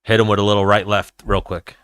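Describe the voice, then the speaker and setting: A man hosting a casual live-stream fight chat, telling animated, profane stories about brawls he has been in and reacting to viewer comments. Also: lowish voice, fast, smooth, no room sound.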